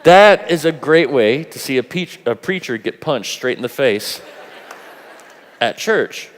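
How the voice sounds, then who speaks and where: A man preaching a sermon at a youth conference, animated and playful, acting out voices as he goes. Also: medium pitch, unhurried, a little hiss or hum. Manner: animated, acts out quoted voices, laughs often. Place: large conference hall. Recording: long hall reverb.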